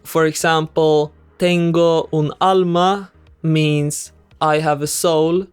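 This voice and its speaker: A man explains grammar rules in a slow, measured voice-over, pausing to pronounce each example word with care. His voice is smooth and a little higher than most men's. Soft music plays faintly behind him. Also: level tone. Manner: slow, deliberate, precise enunciation of example words. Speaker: language teacher. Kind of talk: scripted explanatory narration. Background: soft background music.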